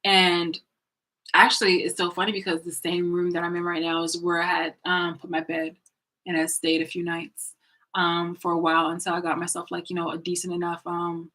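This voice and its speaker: Bright-voiced woman rambling blunt and profane. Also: lowish voice, completely flat delivery, normal speed, poor audio. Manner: rambling, with many fillers and restarts. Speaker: vlogger. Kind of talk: casual personal storytelling. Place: room in her home.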